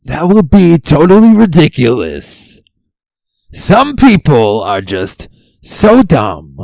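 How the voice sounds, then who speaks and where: A man putting on a whiny, sneering male critic who scoffs at bad impressions, with a shrill, nasal tone. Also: wildly swooping pitch, slow, vocal fry, a little mellow, dry recording, clean studio sound, exaggerated voice. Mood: mocking.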